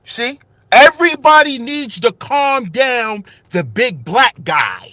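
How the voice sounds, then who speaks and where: A man's voice: very high-pitched, lively intonation, takes it slowly, sharp tone, no echo. A man hosting his own channel, delivering an impassioned monologue with rhetorical questions and repeated phrases, raising his voice with passion. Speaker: commentary channel host.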